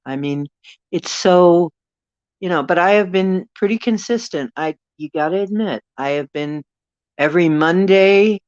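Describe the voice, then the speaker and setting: Speaking a little slowly in a lowish, darkish voice, a woman rambles and chats casually through a bedroom livestream while reading comments from viewers. The phone recording sounds dull and lo-fi and carries no room sound.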